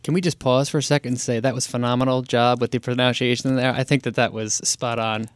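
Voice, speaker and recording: Steady man explaining stock business. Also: mid-range voice, quick pace, dry recording, studio quality. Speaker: podcast co-host analyst. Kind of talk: casual investing podcast chat.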